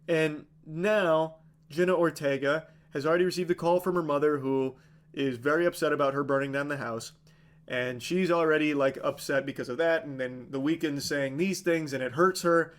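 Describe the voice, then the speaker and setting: A man's voice: fairly high pitch, fairly even intonation, normal speed. A man live-streaming a casual, sarcastic movie recap, rambling with lots of "like" and swearing freely. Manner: rambling with many fillers like "like".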